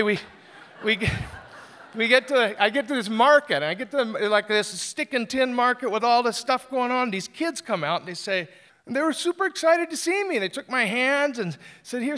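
A man tells a personal story live, animated and self-deprecating. His voice sits high and bright. He stumbles and restarts phrases as he goes.

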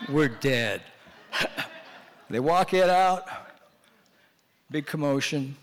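Middle-aged guy doing a stand-up story, acts out all the voices, kinda high voice, long hall echo. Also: slow, pauses often.

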